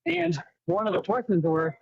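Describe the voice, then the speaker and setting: A man's voice: sits high, very animated, moderate pace, creaky, slightly rough, no room sound. A man calling in to a radio show, telling a work story loosely with chuckles. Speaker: caller. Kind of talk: casual call-in anecdote. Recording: dull phone line.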